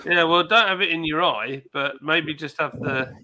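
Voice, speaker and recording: Bright-voiced, chatty male stream host. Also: on the high side, moderate pace. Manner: chatty, banters and reads out chat messages. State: ill and isolating. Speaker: livestream host. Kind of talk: casual chat reading viewer comments.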